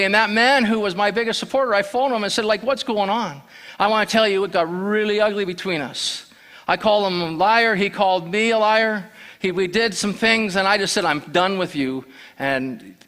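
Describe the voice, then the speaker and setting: A man's voice: sits high, bright, forceful tone. A man telling his personal testimony to a church, earnestly storytelling and acting out the dialogue. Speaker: church member sharing testimony.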